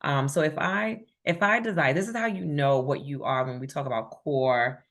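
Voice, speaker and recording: A woman's voice: sits low, normal speed, a bit bright. A woman facilitating a spiritual group call, affirming members and reading chat comments aloud.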